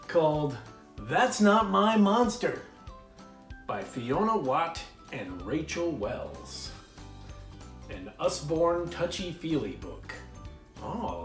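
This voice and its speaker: A man's voice: a little high, echoey room. A man hosting a review show in a casual, jokey way, playfully reading aloud with silly sound effects. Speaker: podcast host and film reviewer.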